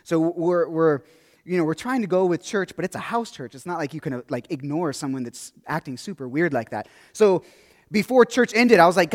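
Young male preacher, slightly high voice, loose conversational sermon storytelling. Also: lively intonation, a little fast. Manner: casual, rambling storytelling with many restarts and "like".

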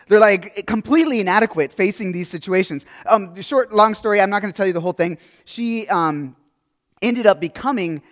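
A young man preaching a sermon, telling a story in a casual, rambling way with many restarts. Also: sits high.

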